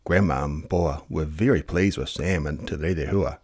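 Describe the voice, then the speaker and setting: A man reading a picture book aloud with lively storytelling. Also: normal speed. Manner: lively storytelling with high voices for characters. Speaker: storybook reader.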